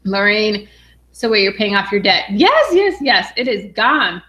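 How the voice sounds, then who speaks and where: A young adult woman from Western Massachusetts, a finance vlogger excitedly reading viewer comments on a casual live stream, with lots of "um"s. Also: medium pitch, a little slow. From Western Massachusetts, USA. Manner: bubbly and excited, frequent "um"s.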